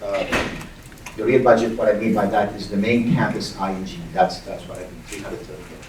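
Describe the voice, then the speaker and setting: Low-voiced man, halting, echoey hall. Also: fairly even intonation, a crowd in the background. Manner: halting, repeats words while thinking aloud. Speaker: acting university president. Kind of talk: town hall address. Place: large hall with audience. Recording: echoey hall, distant mic.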